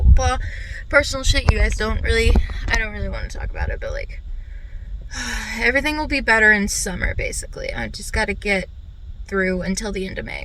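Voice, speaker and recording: A young woman chatting casually in a book vlog, animated and quick to swear, filmed on a phone. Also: medium pitch, a little hiss or hum, low-quality recording. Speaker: book vlogger. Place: at her workplace before clocking in.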